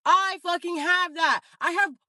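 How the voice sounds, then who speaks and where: A woman's voice: very high-pitched, steady tone, a little slow, bright, forceful tone, no echo, clean studio sound. A woman venting in a furious, profane rant to camera.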